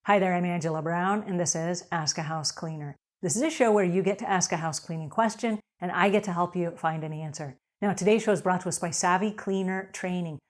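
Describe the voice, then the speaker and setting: A middle-aged woman with a slightly low voice hosts an advice show with lots of energy. She talks emphatically and keeps acting out little snippets of dialogue to make her points. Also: a little fast, few pauses. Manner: upbeat, emphatic, acts out quotes. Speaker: host answering cleaning questions.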